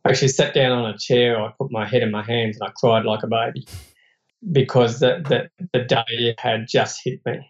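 A man's voice: medium pitch, little pitch movement, normal speed, highs cut off. An Australian man, a podcast guest, telling a personal story in an earnest, reflective, plain-spoken way.

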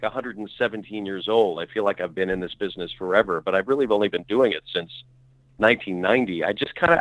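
Low-voiced man, rambling interview guest. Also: fairly bright tone, no echo, poor audio. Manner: rambling, reflective storytelling. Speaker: actor guest. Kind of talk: casual interview.

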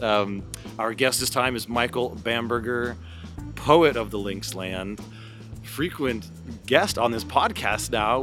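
A man hosting a podcast, chatting casually in a wry, teasing way. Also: fairly low pitch. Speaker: podcast host. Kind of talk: casual chat.

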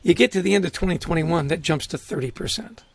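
A middle-aged man, a guest author in a conversational podcast interview, telling animated stories and acting out quotes. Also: a little high, fast talker, creaky, slightly rough. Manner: animated storyteller, acts out quotes, laughs often.

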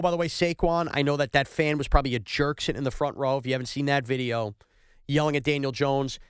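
A man's voice: medium pitch, clear, resonant tone, dry recording, studio quality. Frustrated man ranting on a sports podcast. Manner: frustrated, emphatic, repetitive. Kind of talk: solo sports commentary rant.

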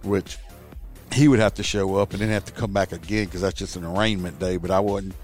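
A man's voice: sits low, fairly quick, soft background music. A middle-aged man, a former police officer, telling a profane story on a podcast in casual chat and acting out both sides of the argument. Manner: profane, animated, acts out both sides of the exchange.

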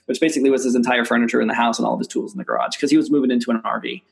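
A man, a real estate investor, telling deal stories in a casual interview, restarting sentences and acting out quoted dialogue in a lively way. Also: rapid-fire, vocal fry. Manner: animated, acts out quoted dialogue with rising pitch; many restarts and repeated words.

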